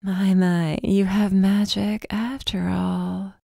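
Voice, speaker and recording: A woman's voice: low voice, slow pace, darkish tone, no echo, clean studio sound. A woman voicing a cruel young female villain who mocks and threatens in a sinister croon.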